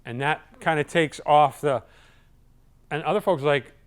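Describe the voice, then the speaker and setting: A man giving a live sales training talk in a lively, conversational way, acting out what customers say. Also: fairly high pitch, moderate pace, smooth. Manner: lively, acts out customer voices.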